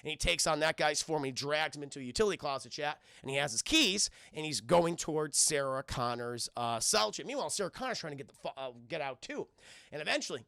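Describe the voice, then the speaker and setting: A man's voice: fairly high pitch, expressive, fast, vocal fry, pushed and bright, no room sound, studio quality. A man casually retelling a film scene by scene on a live stream, rambling, swearing often and talking to his chat.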